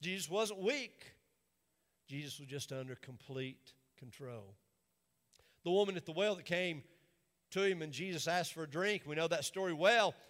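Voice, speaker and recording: A man's voice: on the high side, moderate pace, fairly bright tone. A man preaching a sermon in a church, with an emphatic, repetitive cadence. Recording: long reverb of a large hall.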